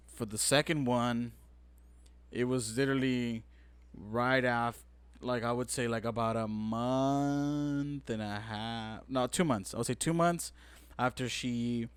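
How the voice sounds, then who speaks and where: A man's voice: medium pitch, slow pace, clean tone, no echo. A young man co-hosting a casual podcast chat, telling stories animatedly and acting out quotes. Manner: animated storyteller, acts out quotes loudly. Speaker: podcast co-host.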